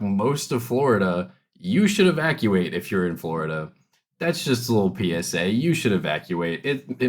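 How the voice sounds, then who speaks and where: A man co-hosting a podcast in casual chat, teasing and swearing casually, laughing often. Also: medium pitch. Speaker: podcast co-host.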